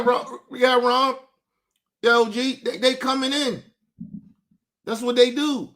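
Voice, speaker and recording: A man rants into his streaming mic at a high pitch, talking straight to the viewers in his chat. His voice is bright and forceful, and his mocking, profane delivery stays combative throughout. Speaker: livestream host. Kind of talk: profane livestream rant to chat. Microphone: streaming setup mic.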